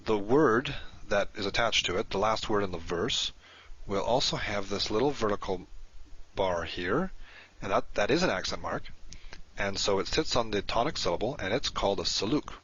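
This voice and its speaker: Guy explaining stuff step by step, kinda husky but bright, dull lo-fi sound. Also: on the low side, lively intonation. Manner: patient, methodical, repeats terms slowly. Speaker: Hebrew teacher in recorded module. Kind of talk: explanatory teaching with screen annotation. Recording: dull lo-fi audio.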